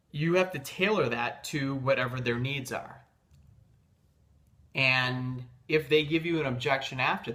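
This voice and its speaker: Bright-voiced, emphatic man coaching sales. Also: medium pitch. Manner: emphatic, insistent about conviction; loose, with frequent fillers and restarts. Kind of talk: motivational coaching talk.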